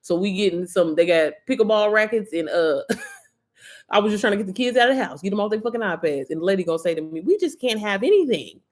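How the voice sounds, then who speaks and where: A woman's voice: mid-range voice, animated, quick pace, darkish tone. A woman chatting on a livestream from her phone, rambling, emotional and swearing freely. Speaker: live streamer. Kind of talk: casual livestream chat.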